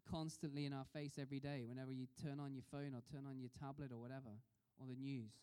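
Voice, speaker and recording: A man's voice: medium pitch, little pitch movement, fast talker, warm tone, clear, resonant tone. A man preaching a sermon in a conversational way, putting questions to the congregation. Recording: long reverb of a hall.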